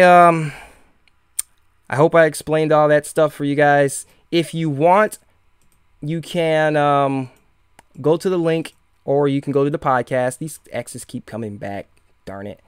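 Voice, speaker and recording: Male streamer with a Michigan accent, sarcastic, rambling, mid pitch, crisp dry close-mic sound. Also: dry recording. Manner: rambling, sarcastic, many fillers and restarts. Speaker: podcast host. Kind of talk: casual live-stream monologue.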